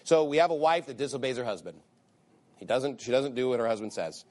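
A man's voice: medium pitch, expressive, brisk, a little mellow. A man preaching a sermon. He speaks emphatically, repeats phrases for stress, and reads scripture in King James wording. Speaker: pastor.

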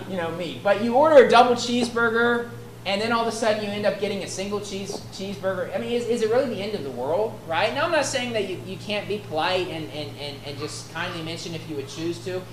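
A woman's voice: medium pitch, fast, a little hiss or hum. A woman preaching a sermon who reads scripture aloud and explains it in a conversational way, often checking in with "right?". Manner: conversational, keeps asking "right?". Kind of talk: expository sermon. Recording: echoey room with faint ambience.

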